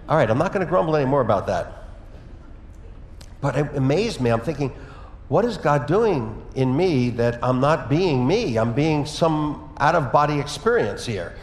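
A man preaching a sermon as pastor, telling a personal story in a conversational way with lively asides. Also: a little high, normal speed, slight background noise. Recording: echoey hall with long reverb.

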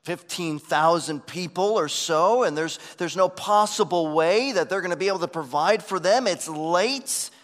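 Male pastor, high-pitched and emphatic, sermon delivery in a reverberant hall. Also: normal speed, few pauses, fairly bright tone. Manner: earnest, emphatic, repeats words at starts of phrases.

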